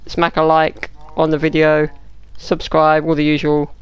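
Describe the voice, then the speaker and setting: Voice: medium pitch, monotone, unhurried, clean tone, no room sound. A gaming YouTuber, giving casual gameplay commentary, muttering to themself, swearing and throwing out mock-dramatic taunts.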